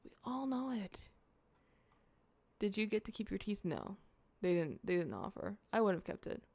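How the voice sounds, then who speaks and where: A woman's voice: mid-range voice, very animated, normal speed, vocal fry, a little mellow, dry recording. A young woman streaming, chatting casually to her viewers while eating, rambling and swearing freely. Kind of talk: casual livestream chat, eating on camera.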